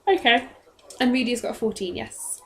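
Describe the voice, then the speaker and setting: A woman's voice: on the high side, moderate pace, fairly bright tone, slight background noise. A woman as game master, narrating scenes in a descriptive, matter-of-fact way.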